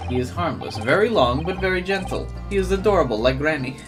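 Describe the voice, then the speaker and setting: A man's voice: a little high, animated, fast, voice pushed up, natural voice. A man voicing a blunt Russian woman who keeps a pet snake, in broken English with a put-on Russian accent, over game music.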